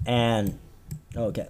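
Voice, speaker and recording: Mellow-voiced young Southern man rambling. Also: mid-range voice, slight background noise. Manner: rambling, slangy, laid-back. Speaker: podcast co-host. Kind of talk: casual storytelling.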